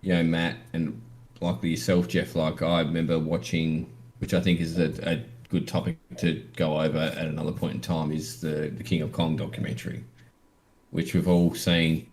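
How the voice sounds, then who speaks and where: Deep-voiced Aussie bloke, rambling. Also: male voice, monotone, normal speed, darkish tone. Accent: Australian. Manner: rambling, heavy use of "like". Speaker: podcast co-host. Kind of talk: casual chat.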